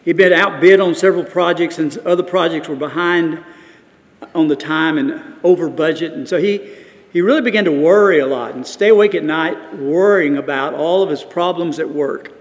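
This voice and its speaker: A man's voice: a little high, normal speed, long reverb tail. A man, preaching a sermon and telling stories that build to emphatic peaks. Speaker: pastor.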